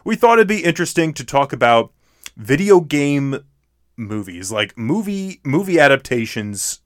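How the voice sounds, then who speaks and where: A man's voice: on the high side, big pitch swings, normal speed, dry recording, studio quality. Rambling laid-back podcast host man. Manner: rambling, self-interrupting, laughs often. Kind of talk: casual chat.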